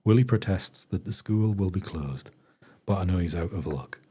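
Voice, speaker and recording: On a live stream, a man reads a farming diary aloud at an easy, unhurried pace. His very low voice has a dark, husky grain, and now and then he breaks off for chatty asides to viewers.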